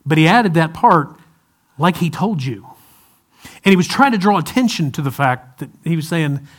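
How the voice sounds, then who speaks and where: A man's voice: a little high, normal speed. A man preaching a sermon as a pastor, talking conversationally with his congregation, asking them questions and acting out quoted speech. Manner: animated, acts out quoted speech.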